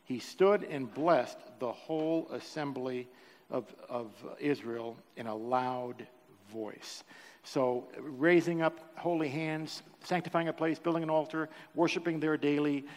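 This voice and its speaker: Unhurried and a little mellow, this older man speaks at a fairly high pitch. As pastor, he preaches in a reverberant church sanctuary, sharing a heartfelt personal story and trading jokes with the congregation.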